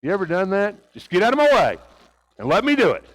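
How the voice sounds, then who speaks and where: A man with a light Oklahoma Southern accent preaches a sermon. His voice sits high for a man and sounds dry and close, with little room around it. He leans on rhetorical questions and moves between hushed, quiet passages and emphatic raised ones. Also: huge pitch swings, fast, dry recording, poor audio.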